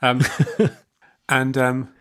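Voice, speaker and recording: A man's voice: medium pitch, monotone, extremely slow, fairly bright tone, clear, resonant tone. A man co-hosting a podcast over a video call, telling a story in a rambling, giggly way with many restarts. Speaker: podcast co-host. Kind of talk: casual comedic chat.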